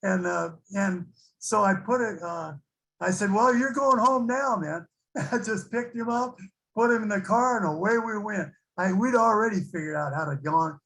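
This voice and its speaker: A man's voice: high voice, a bit bright, poor audio. An older man sharing his recovery story with a support group, rambling and laughing as he acts out the people in it. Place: online recovery meeting.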